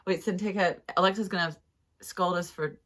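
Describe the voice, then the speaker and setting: A woman's voice: on the low side, fairly even intonation, normal speed, a bit bright. A woman co-hosting a casual morning chat show from a cabin, chatty and laughing often. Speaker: co-host. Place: cabin indoors.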